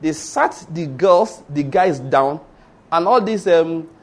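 Preaching slowly and expressively, a middle-aged Nigerian pastor with a Yoruba accent uses a voice pitched fairly high for a man. He animates his stories, plays out conversations, and directs rhetorical questions at those listening.

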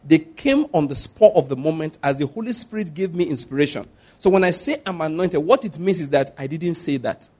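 A middle-aged man with a Nigerian accent preaching a sermon as a pastor, animated and laughing at his own stories. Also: on the high side, fairly quick, breathy edge.

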